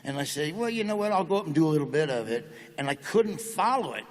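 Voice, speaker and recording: A middle-aged man with a Southern drawl, telling jokes and anecdotes as a stage interview guest. His voice sits a bit high for a man, and the hall adds a long echo. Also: expressive, fast. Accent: Southern American. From Nebraska, United States. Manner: joking, drawling storyteller. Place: large hall before a live audience.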